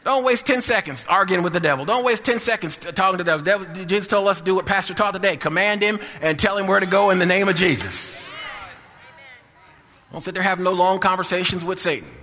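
A man preaching a sermon in a church, repeating and restarting his phrases for emphasis, with a sing-song cadence and calls for a louder amen. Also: high voice, quick pace, big-room sound. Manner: repetitive, emphatic, with frequent restarts. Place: church sanctuary.

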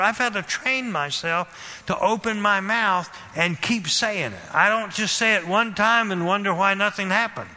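A man preaching a sermon with fervent, repetitive exhortation that rises to loud emphasis. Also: high-pitched, a little slow. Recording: long hall reverb.

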